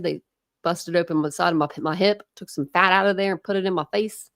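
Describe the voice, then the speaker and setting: A woman in her thirties chatting casually with viewers on a livestream from home, frank and quick to laugh, thanking commenters by name. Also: on the low side, fairly even intonation, dry recording, studio quality. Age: 30s. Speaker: livestream host. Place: home, indoors.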